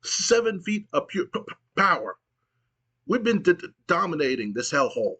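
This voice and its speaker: A man puts on a cocky wrestler who stumbles over nearly every word with a heavy stutter, his voice pushed up high and shouted. He brags and insults in a rough, loud delivery, like a tough-guy promo from a wrestling game let's-play. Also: very animated, moderate pace, full character voice. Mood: boastful. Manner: loud trash talk. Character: stuttering brash male wrestler boasting.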